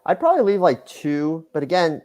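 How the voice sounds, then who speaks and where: A man's voice: a little high, sing-song, a little fast, a little mellow. A man co-hosting a casual livestream, giving sports picks in a loose, rambling way with many fillers. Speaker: co-host, sports betting analyst.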